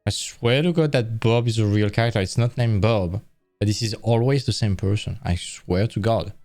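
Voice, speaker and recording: A man's voice: on the low side, normal speed, darkish tone, faint music behind. Tired man rambling on a stream. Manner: rambling, self-correcting, conversational. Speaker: art stream host. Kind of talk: casual live-stream talk.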